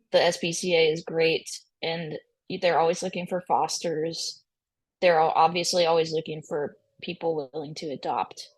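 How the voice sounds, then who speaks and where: Woman low-pitched musician, dry and laughing. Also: no room sound. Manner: laughs often, many fillers and restarts. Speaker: podcast guest, musician and producer. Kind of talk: casual interview chat.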